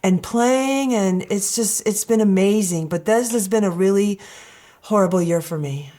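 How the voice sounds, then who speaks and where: A woman who is a reality show contestant, telling animated and emotional personal stories in a candid interview. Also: medium pitch, moderate pace.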